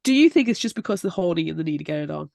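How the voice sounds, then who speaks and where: A woman's voice: sits low, animated, racing, gravelly, warm tone, no echo, studio quality. A woman co-hosting a book podcast in casual chat, gushing and playful about the characters she loves. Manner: gushing, playful, breaks into squeals. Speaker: podcast co-host. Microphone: video call.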